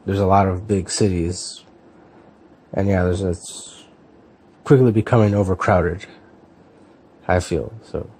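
A man in his thirties from California, chatting casually in a relaxed, hesitant way with lots of fillers and restarts. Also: sits low, slow pace, long pauses, breathy edge. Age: 30s. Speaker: book vlogger. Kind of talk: casual chat, answering a tag.

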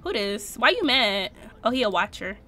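A young woman casually commenting on her life-simulation gameplay, slangy and animated, reacting and laughing at what happens on screen. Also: mid-range voice, normal speed, soft background music. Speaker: Sims let's-play host.

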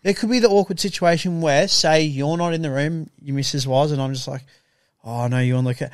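A man's voice: on the high side, a little fast, no echo, clean studio sound. A young man, co-hosting a casual podcast chat and acting out quoted voices as he tells stories. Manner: animated storytelling, acts out quoted voices, swears freely. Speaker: podcast co-host.

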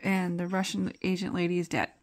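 A woman's voice: fairly low pitch, level tone, brisk. A woman casually retelling a comic book's plot as a reviewer, chatting loosely with asides as she flips pages.

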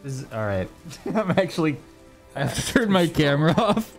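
A young man streaming a video game live, joking, laughing often and reacting loudly to the story. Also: fairly high pitch, big pitch swings, normal speed. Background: game audio and music.

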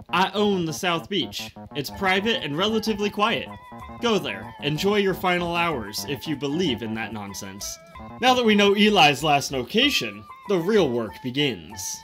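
Game figure: curt, commanding male fly boss, voiced by a streamer, lively swings in pitch. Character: bossy male fly beach owner.

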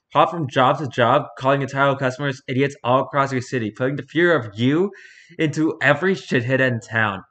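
A man reading internet posts aloud for comedy, with wry, dry asides and bursts of loud mock-arguing. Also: mid-range voice.

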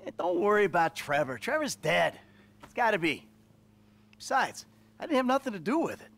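An actor playing a wry, world-weary middle-aged retired bank robber in a video game. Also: male voice, sits high, sing-song, normal speed, creaky, fairly bright tone, heavily acted. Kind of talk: video game cutscene acting.

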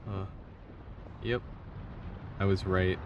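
A drowsy man with a lowish voice talks through a live game stream, easygoing and quick to chuckle. He sits a little back from the mic. A faint hiss of background noise sits under his voice. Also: recorded from a distance, dull audio. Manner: relaxed, chuckles often. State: sleepy. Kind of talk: live gameplay stream commentary.

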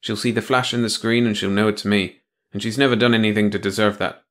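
A condemned tough guy who pleads hard in rough, slangy street talk, as a man reading the story voices him. The voice stays close to the reader's own low register, like a character in a spoken audiobook. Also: steady tone, fast, lightly acted. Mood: pleading. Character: condemned thin man pleading for his wife.

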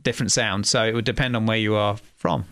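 Gravelly English man, casual and rambling. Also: on the low side, steady tone, fast talker, fairly bright tone, dry recording. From England. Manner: rambling, with many restarts and fillers. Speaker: guest, food truck owner. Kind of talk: casual interview chat.

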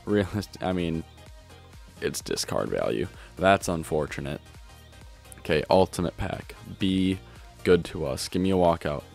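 Excitable male streamer, low voice with wild swings, at home trying to stay quiet. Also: unhurried, vocal fry, faint music behind. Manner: excitable, swings from grumbling to yelling and laughing; trying to keep his voice down. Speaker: video game streamer. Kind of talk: pack-opening gameplay commentary.

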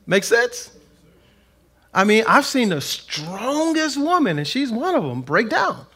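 A man preaching a conversational sermon in a plain-spoken, folksy way, swinging between loud emphasis and soft asides. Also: extremely high pitch, big pitch swings, slow pace, breathy edge. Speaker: pastor. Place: church sanctuary.

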